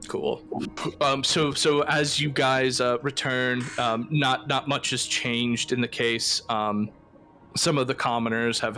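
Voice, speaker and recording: Casual game master, stammering restarts. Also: male voice, mid-range voice, pushed and bright. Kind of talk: narrating a tabletop game.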